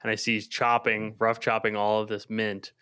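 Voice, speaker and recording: A man co-hosting a laid-back podcast rambles through stories and laughs often. His voice is smooth and resonant, recorded dry and close. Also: lowish voice, completely flat delivery, normal speed, pushed and bright, no echo. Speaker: podcast co-host, chef. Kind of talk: casual podcast chat.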